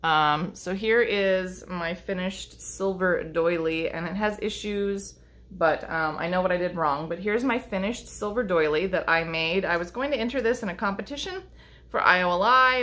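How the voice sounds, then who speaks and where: A woman in middle age talks casually to her viewers about her craft projects. Her voice sits a little low but has a bright, forceful edge. She rambles along with frequent ums and self-corrections. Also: normal speed. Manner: chatty, rambling with many ums and restarts. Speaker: lace-making vlogger and teacher. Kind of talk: casual chat showing crafts to camera.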